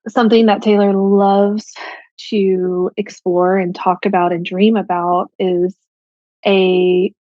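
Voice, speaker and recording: A woman's voice: medium pitch, level tone, slow, mellow, dry recording. Chatty thirties woman on a muffled mic. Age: 30s. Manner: chatty, filler-heavy retelling. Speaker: guest, one half of a couple. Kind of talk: candid conversation on a podcast.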